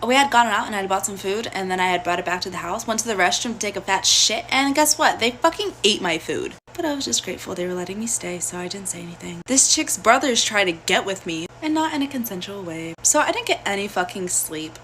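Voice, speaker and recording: A woman's voice: medium pitch, fast talker, hardly any pauses, a little hiss or hum. Blunt young woman telling her story. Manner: blunt, profane, animated. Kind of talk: casual storytime video.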